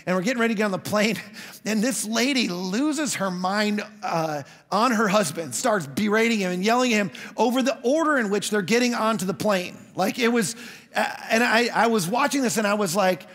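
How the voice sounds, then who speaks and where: A man preaching a sermon as a pastor, telling stories in a conversational way with quick asides. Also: high voice, fairly bright tone. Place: church hall. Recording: long hall reverb.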